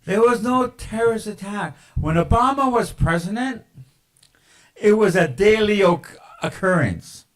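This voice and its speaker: A man's voice: high-pitched, animated, unhurried, rough recording. A man ranting in a casual, rambling monologue, with lots of profanity, fillers and tangents.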